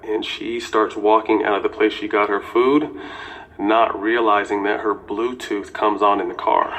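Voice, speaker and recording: A man's voice: lowish voice, fairly even intonation, unhurried, fairly bright tone, rough recording. A man in his forties telling a personal story casually and candidly, with swearing and lots of "you know".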